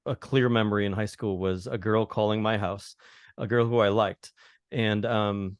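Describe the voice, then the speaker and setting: A man hosting a podcast interview, chatting in a personal, slightly halting way. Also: lowish voice, fairly even intonation, clean tone, dry recording, studio quality. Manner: conversational, personal, a bit halting. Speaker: podcast host.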